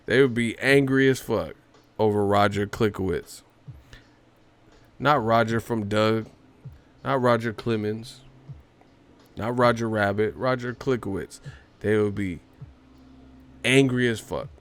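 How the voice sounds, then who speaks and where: A man ranting casually to camera about boxing, animated and profane, with mocking, incredulous jabs. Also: on the low side, unhurried, clean tone, dry recording. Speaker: boxing commentary vlogger.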